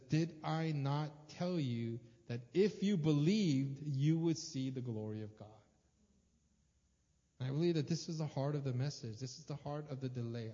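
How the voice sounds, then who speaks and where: A male preacher delivers an emphatic sermon with a slightly high voice. He repeats phrases for effect and rises and falls in volume. His voice carries a long hall reverb and comes through a dull, muffled recording. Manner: emphatic, repetitive, swings between soft and loud.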